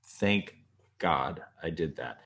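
A man telling a personal story in an interview, earnest, and quick and agitated when reliving tense moments. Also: extremely low pitch, expressive, vocal fry, a bit bright. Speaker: guest recounting a personal experience.

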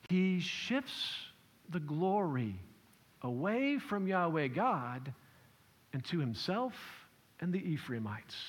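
High-voiced preacher in a reverberant hall. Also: male voice. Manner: preaching with acted quotes and shifting emphasis. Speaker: pastor. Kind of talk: sermon.

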